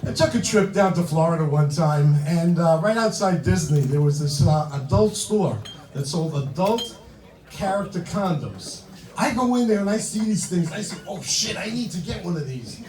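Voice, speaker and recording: A man's voice: on the high side, expressive, normal speed, a crowd in the background. An older man doing a punchy, conversational stand-up comedy routine on a club stage. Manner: punchy, conversational joke delivery. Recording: roomy hall, mic from far.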